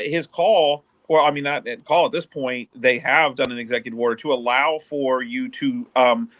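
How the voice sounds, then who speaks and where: Brief: male co-host, mid pitch, hesitant, dry close recording. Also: fairly bright tone, dry recording. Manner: hesitant, many fillers. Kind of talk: casual chat.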